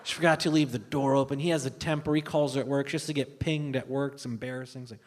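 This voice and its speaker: A man doing a stand-up comedy set, telling a story with animated, loud impressions of his family. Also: mid-range voice, fast, in a large hall, a little hiss or hum. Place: live stage before an audience.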